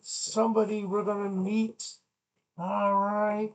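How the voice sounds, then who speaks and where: Slow-talking, goofy man as a kids' show teacher who jokes with puppets. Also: high-pitched, flat delivery. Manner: goofy, playful banter with puppets. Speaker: children's show host and teacher.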